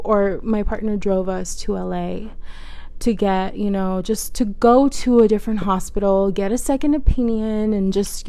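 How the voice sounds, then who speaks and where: A woman telling a storytime to her viewers in a warm, relaxed voice. Her talk is loose and chatty, full of "like" and casual swearing, and she keeps turning to the audience directly. The sound is dry and close, with no room around it. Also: medium pitch, dry recording. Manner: chatty, heavy filler "like", frequent swearing, addresses viewers directly. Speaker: vlogger telling a personal story.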